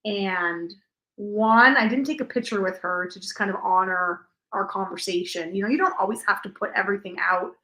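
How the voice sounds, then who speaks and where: Woman, stage performer, casual vlog chat, bright clear tone, lively storytelling with quoted dialogue. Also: mid-range voice, moderate pace, rough recording. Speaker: theatre performer.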